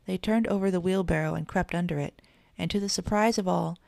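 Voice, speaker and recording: Low gravelly woman narrator. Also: a little mellow, no echo, studio quality. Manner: measured storytelling. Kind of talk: children's audiobook narration.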